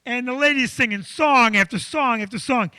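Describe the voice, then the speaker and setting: A man co-hosting a live comedy show, telling a long church story with loud acted-out quotes. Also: extremely high pitch, moderate pace, clear, resonant tone, no echo. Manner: animated, loud, acts out quotes. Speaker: comedian co-host. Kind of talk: comic storytelling.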